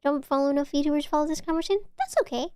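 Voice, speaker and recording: A woman with a high, dark-toned voice talks fast and casually to her live chat as a VTuber streamer, gushing and often stumbling and restarting her words. The recording is dry with no echo.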